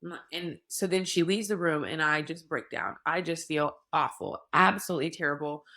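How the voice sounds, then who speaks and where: A young woman with a fairly low voice tells her story in a frank, conversational way. She retells events with animation and slips into other people's words as she goes. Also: moderate pace, bright, forceful tone. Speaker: podcast guest sharing her birth story.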